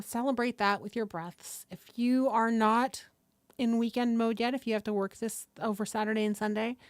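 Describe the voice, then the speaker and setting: A woman's voice: on the high side, no echo, clean studio sound. A woman hosting a casual livestream, talking viewers through stretches, swearing casually and greeting people from the chat, seated at a table with a desk microphone. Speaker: livestream host. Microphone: desk microphone close by.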